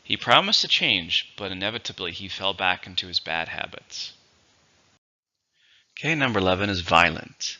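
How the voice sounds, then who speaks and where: Male English teacher, low and sharp-toned, dull lo-fi recording, measured explanations. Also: sing-song. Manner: slow, deliberate explanations with repeated words. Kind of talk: vocabulary lesson.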